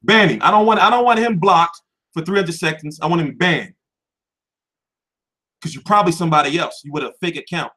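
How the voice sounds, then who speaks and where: Man, husky voice, fairly high pitch, swearing and fired up, casual livestream host. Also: fast talker. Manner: heated, profane, animated. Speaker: boxing channel host. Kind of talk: casual livestream chat answering viewers.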